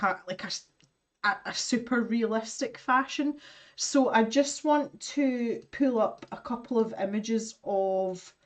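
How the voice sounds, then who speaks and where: A woman's voice: mid-range voice, far from the mic. Chatty woman, a little off-mic. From Scotland. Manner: chatty, self-deprecating, laughs often, reads viewer comments aloud. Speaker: artist livestreaming her drawing. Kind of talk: casual livestream chat while drawing.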